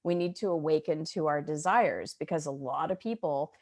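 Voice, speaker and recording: A woman hosting a podcast in casual, bubbly conversation, gushing and animated. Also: sits low, normal speed. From Arizona, United States. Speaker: podcast host.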